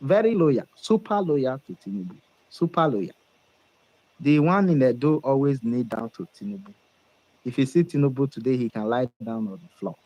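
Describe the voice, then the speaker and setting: A man's voice: mid-range voice, expressive, moderate pace, no room sound, dull audio. Nigerian man, political talk, dry close sound, emphatic predictions. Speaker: political commentator. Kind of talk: animated political commentary.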